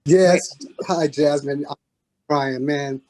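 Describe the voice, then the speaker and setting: A man's voice: fairly high pitch, fairly even intonation, slow pace, a little mellow. A man calling in to a video chat, gushing and choked up with emotion. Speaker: caller. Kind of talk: emotional video-call greeting. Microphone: video call.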